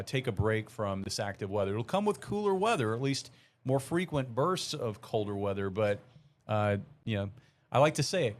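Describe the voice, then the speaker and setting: A middle-aged male meteorologist explaining seasonal weather patterns in a conversational, filler-heavy way during a live broadcast. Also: medium pitch.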